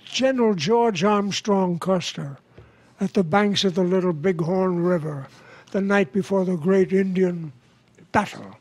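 High-voiced older man telling jokes. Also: a little mellow. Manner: chuckling storyteller, unhurried. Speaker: guest.

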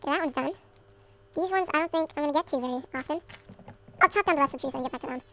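A man's casual gameplay commentary sped up into a chipmunk voice, chattering with excited outbursts. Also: extremely high pitch, rapid-fire, voice pushed up, full character voice.

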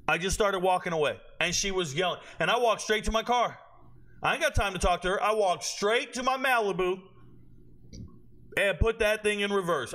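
Man, channel host, storytelling monologue, blunt and boastful, high-pitched, bright tone.

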